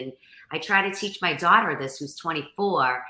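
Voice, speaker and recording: A woman's voice: sits low, normal speed, bright, forceful tone, echoey room. A middle-aged woman talking earnestly as a podcast guest over a call, rambling with restarts. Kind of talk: casual interview chat.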